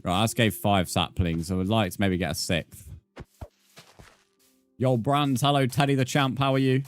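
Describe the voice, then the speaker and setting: Streamer, male, lowish voice, rambling chat with viewers. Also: fairly even intonation, normal speed, soft background music. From England. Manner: rambling, chatty, reads and answers viewer comments. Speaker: game streamer. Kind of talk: casual live-stream chat.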